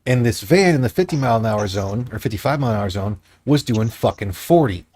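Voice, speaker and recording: A man from Michigan, co-hosting a casual voice-chat podcast and telling stories in an animated, profane way. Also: lowish voice, quick pace, dry recording. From Michigan, United States. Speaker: podcast co-host.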